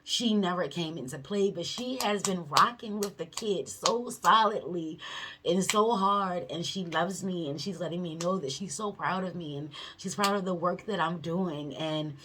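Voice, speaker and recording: A woman with a fairly low voice shares a spiritual experience on her tarot channel. Her talk is heartfelt and emotional, loose and casual, full of easy slang. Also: normal speed, noisy background.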